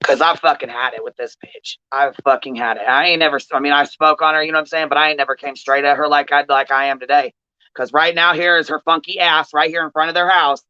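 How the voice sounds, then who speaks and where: A woman's voice: sits low, steady tone, fast talker, bright, forceful tone, clean tone, dry recording. A woman hosting a livestream commentary, ranting in a heated, profane way. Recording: dull, dry lo-fi stream audio.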